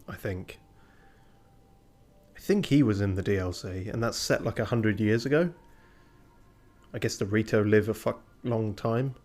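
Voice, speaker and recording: A man in casual gaming commentary, wry and rambling with plenty of swearing. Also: on the low side. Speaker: let's play streamer.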